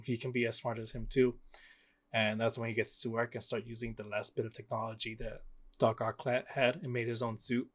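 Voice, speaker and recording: Young male co-host, mid-pitched, rambly and laugh-prone, casual game chat. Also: little pitch movement, a little fast. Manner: rambling, laughs often, many fillers. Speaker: podcast co-host.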